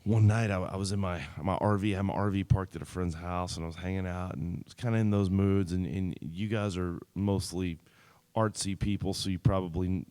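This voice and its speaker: A singer-songwriter telling a story between songs at an open mic, in a relaxed, rambling way full of fillers and restarts. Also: male voice, low voice, fairly quick, smooth, no room sound. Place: live open mic event.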